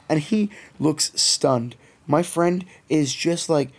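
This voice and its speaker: A man's voice: fairly high pitch, takes it slowly, creaky, hardly any pauses. Profane young Canadian man telling a story. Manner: profane, animated storytelling with quoted voices. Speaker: podcast co-host. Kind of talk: casual storytelling chat.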